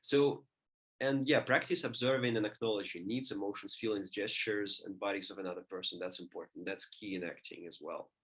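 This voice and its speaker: Man lecturing, halting and thoughtful. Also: fairly low pitch, steady tone, a bit bright, husky. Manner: thinking aloud, many restarts and fillers. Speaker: teacher.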